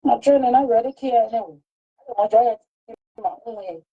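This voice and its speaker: A woman's voice: fairly high pitch, fast talker, slightly rough. A woman, talking emphatically and repeating herself in heated casual talk. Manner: emphatic, repetitive. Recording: dull lo-fi recording.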